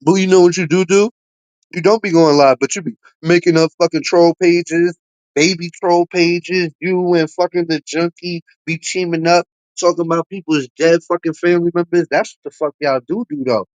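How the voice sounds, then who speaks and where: A man ranting on his livestream, his voice sitting a little high. He trash-talks and mocks people in a profane, heated way. The sound is dry and close, with no room echo. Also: fairly even intonation, normal speed, dull audio. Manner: trash-talking, profane, mocking. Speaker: livestream host.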